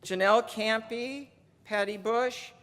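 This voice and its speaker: A slow, slightly bright mid-range voice belongs to a union legislative presenter giving a chatty conference speech, with donor names read out and a countdown. The recording has a little hiss or hum and the long reverb of a large hall.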